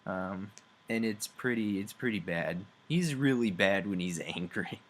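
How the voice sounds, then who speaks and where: Young male game reviewer, low-ish voice, slow and rambling with filler words. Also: slight background noise. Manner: rambling, many fillers, chuckles often. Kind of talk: casual video game review.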